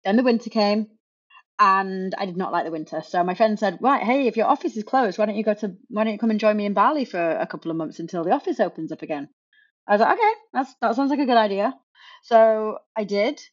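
A woman's voice: medium pitch, lo-fi sound. A woman, a podcast guest telling her story in a chatty, laughing way. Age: 30s. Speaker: podcast guest, remote work coach. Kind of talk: casual interview chat.

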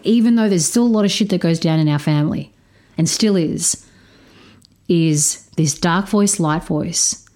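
Brief: woman podcast host, solo monologue, blunt and profane, slightly low voice. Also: darkish tone. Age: adult stepparent. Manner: frank, profane, emphatic.

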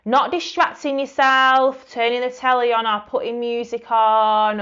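A woman's voice: a little high, fairly bright tone, muffled recording. A woman hosting a solo podcast, talking reflectively and conversationally with lots of fillers and restarts. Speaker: podcast host.

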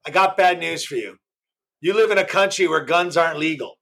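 An American man co-hosting a heated debate, his voice sitting a bit high. He is combative, cuts in, and keeps pressing with the same question. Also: a little fast, vocal fry, a bit bright, slight background noise. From United States. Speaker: co-host.

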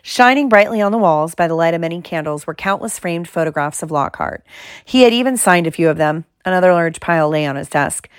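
A woman reading a storybook aloud in a calm, measured narrating manner. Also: on the low side, clean tone, no room sound, studio quality. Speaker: audiobook reader.

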